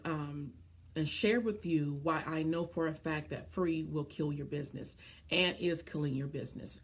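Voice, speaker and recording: A woman's voice: sits low, slight background noise. A woman business coach in a live stream, speaking earnestly from the heart to viewers, often stopping to greet them by name, with many ums and restarts.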